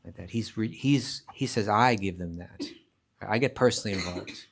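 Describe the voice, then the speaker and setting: Emphatic low-voiced man teaching scripture. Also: normal speed, gravelly, a little hiss or hum. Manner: emphatic, explains step by step with frequent restarts; recites verses in Sanskrit. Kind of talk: live scripture class lecture. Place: class at a rural retreat centre.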